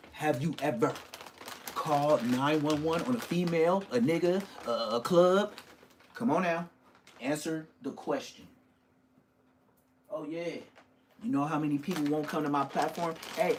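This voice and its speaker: A man hosting his podcast in a loud, rambling, profane rant. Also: a little high, a little hiss or hum. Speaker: podcast host. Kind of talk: casual ranting podcast monologue.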